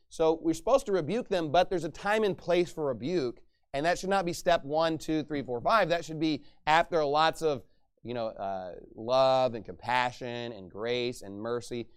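Male preacher, slightly high voice, emphatic sermon delivery. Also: clean tone. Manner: emphatic, rising to loud bursts when acting out angry speech.

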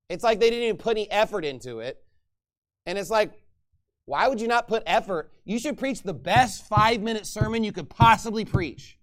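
High-voiced preaching man, emphatic. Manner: emphatic, swings from loud exhortation to low quiet asides. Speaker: pastor. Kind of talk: sermon.

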